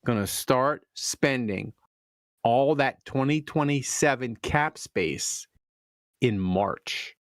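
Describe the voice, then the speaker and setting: A man's voice: mid-range voice, takes it slowly, no room sound, studio quality. A man co-hosting a sports podcast, joking around and asking questions with plenty of filler words. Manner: joking, animated, lots of filler "like". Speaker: podcast co-host. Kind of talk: casual podcast banter.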